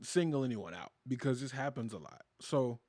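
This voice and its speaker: A man's voice: medium pitch, animated, moderate pace, darkish tone, dry recording. A man co-hosting a podcast in casual chat, laid-back and conversational, swearing now and then. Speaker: podcast co-host.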